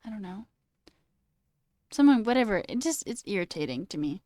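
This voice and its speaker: A coding livestreamer in her twenties chats casually while reading stream chat, launching into animated rants full of "like" and swearing. Her voice is medium-pitched at a moderate pace with frequent pauses, recorded with clean studio sound and no room sound.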